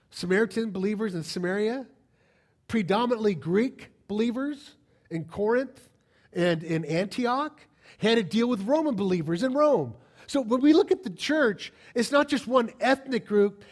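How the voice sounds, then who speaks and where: A man preaching a sermon to a congregation, lively and direct, often putting rhetorical questions to his listeners. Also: high voice.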